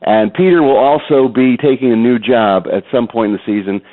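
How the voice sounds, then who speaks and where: A man talks in an animated, joking way, now and then slipping into impressions. His voice sits at an ordinary middle pitch. He comes through a narrow, tinny phone line. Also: brisk. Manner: animated, jokes and slips into impressions. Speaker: guest voice actor and impressionist. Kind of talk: phone interview.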